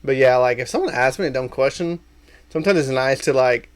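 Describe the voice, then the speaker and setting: Young guy on a podcast, chatty storyteller, mid-pitch voice, jumps up high doing quotes. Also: brisk. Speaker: podcast co-host. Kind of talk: casual chat.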